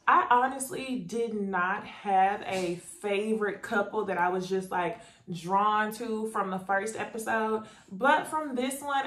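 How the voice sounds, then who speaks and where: A slightly high-voiced woman delivers casual recap commentary on a reality TV episode for her YouTube channel. Chatty and animated, she speaks straight to viewers, calling them "y'all," in a reverberant recording.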